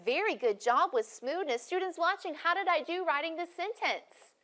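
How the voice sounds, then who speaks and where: High-voiced teacher coaxing a class. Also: female voice, moderate pace, a bit bright. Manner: encouraging, questioning students by name. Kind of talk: classroom phonics lesson.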